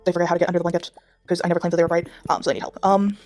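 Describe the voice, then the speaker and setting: A young South African woman from Durban races through casual talk over a video game, her lowish, slightly mellow voice showing little pitch movement, with faint music behind. She is at home beside her dog, and the vlogger's chat rambles with restarts and fillers.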